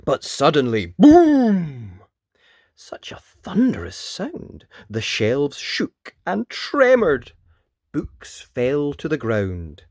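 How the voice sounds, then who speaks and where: A woman reading a rhyming children's picture book aloud, expressive and sing-song. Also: a bass voice, slow pace, no room sound, studio quality. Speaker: storybook reader.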